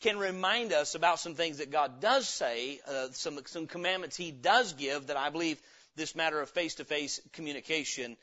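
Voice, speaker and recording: In this sermon, a man with a bright, high, forward-placed voice speaks at a moderate pace. He chats in a folksy way, weaving in homespun tales, and the church audio sounds lo-fi and muffled.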